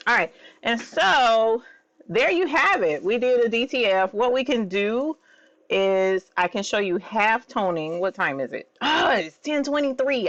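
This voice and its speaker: A woman hosting a casual craft stream, bubbly and excitable, often squealing and laughing. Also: fairly low pitch, no echo. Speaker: crafting channel host. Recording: dull, slightly lo-fi sound.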